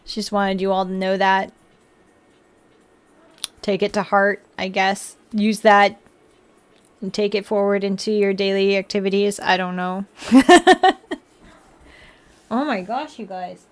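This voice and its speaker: A woman's voice: medium pitch, fairly even intonation, slow, long pauses. A young woman hosting a model-building livestream, chatting casually and teasing her viewers and pets with frequent giggles.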